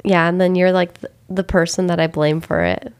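A woman's voice: lowish voice, fairly even intonation, normal speed, clean tone. A young woman chatting casually as a podcast guest, agreeable and easygoing, laughing often. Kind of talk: casual chat.

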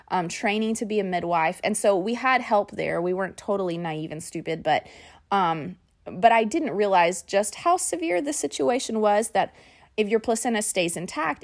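Animated woman telling a story. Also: mid-range voice. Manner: animated, laughing, says "y'all", acts out her own and her husband's lines. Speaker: mother telling her birth story. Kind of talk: personal storytelling.

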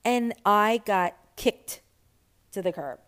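A woman's voice: mid-range voice, slow, fairly bright tone. A woman talking candidly and reflectively about personal experience, with many fillers and restarts.

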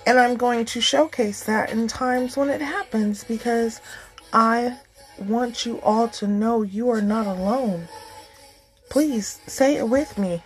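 Woman host, slow and rambling, encouraging, faint music behind. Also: a little high, fairly even intonation, rough recording. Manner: warm, encouraging, rambling with many fillers. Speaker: podcast host. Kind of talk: casual heartfelt talk.

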